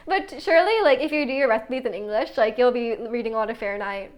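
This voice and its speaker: A young woman with a high voice chats on a live stream from her home kitchen. She reads viewers' messages aloud and rambles easily between them, filling her sentences with "like". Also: very animated, moderate pace, muffled recording. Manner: chatty, reads chat aloud, many "like" fillers. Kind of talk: casual live-stream chat while baking.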